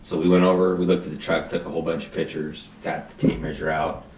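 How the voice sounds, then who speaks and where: A middle-aged man, a fire battalion chief, telling animated anecdotes and acting out quotes in a casual interview. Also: extremely low pitch, fast talker, a little hiss or hum. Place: podcast studio. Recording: roomy, somewhat distant mic.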